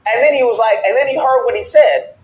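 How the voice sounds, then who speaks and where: A man's voice: very high voice, fast talker, echoey room, soft background music, poor audio. A man hosting a casual talk show, telling a heated story and acting out both sides of the argument. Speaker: podcast host. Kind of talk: animated storytelling rant.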